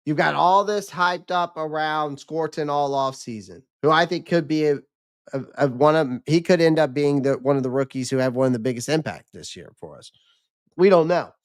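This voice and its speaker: A man's voice: a little high, moderate pace. A man hosting a casual livestream, talking in a loose, rambling way with many restarts and fillers, his voice a little worn as he says he is losing it. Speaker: livestream host.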